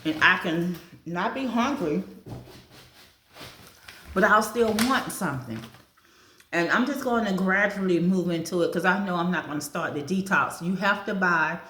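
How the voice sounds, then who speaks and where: A woman's voice: lowish voice, expressive, normal speed, bright, forceful tone. A woman vlogging over breakfast, chatting casually, reading through a food list and talking with her mouth full. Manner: chatty, reads a food list aloud and comments on it. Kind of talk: casual chat while eating. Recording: echoey room.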